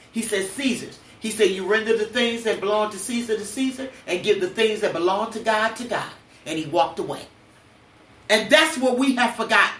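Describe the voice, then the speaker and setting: A woman's voice: sits high, bright, forceful tone, echoey room, distant mic. An older woman hosting a podcast, telling blunt, preachy personal stories with cursing. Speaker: podcast host. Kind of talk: emotional personal monologue.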